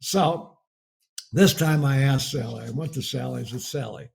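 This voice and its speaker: Speaking about marriage, a middle-aged man from the United States tells a folksy story-driven sermon and chuckles along the way. He talks at normal speed in a medium-pitched, husky voice with vocal fry.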